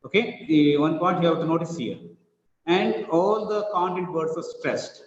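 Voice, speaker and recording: A man with an Indian English accent teaching an online English class, drilling words slowly and with emphasis. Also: fairly high pitch, a little hiss or hum. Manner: slow, emphatic word-by-word drilling. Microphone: video call. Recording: roomy, dull online class audio.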